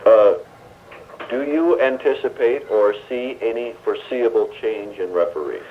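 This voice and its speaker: A man's voice: medium pitch, measured pace. Jovial radio host man, tinny. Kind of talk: live radio call-in show. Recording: tinny 1970s radio broadcast with faint hiss.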